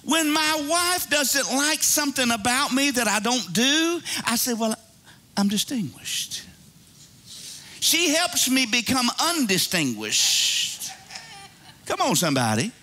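A man's voice: extremely high pitch, big pitch swings, unhurried, sharp tone. A pastor in his fifties preaching a sermon. He is exuberant and jokey and breaks into whooping exclamations.

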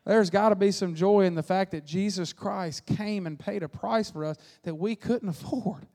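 A man preaching a Sunday sermon, folksy and animated, acting out quotes along the way. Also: high voice, moderate pace. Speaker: pastor. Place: church sanctuary. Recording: long reverb of a church hall.

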